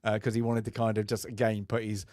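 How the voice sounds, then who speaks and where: This film podcast co-host talks fast in a fairly low, monotone, slightly mellow voice, recorded in studio quality without room sound. Chatting casually, he tells an anecdote, laughs frequently, and acts out the voices of people he quotes.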